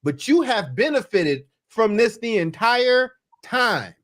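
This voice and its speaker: High-pitched dude on a movie podcast, animated, slangy, makes his points hard. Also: slow. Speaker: podcast co-host. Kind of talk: casual movie review chat.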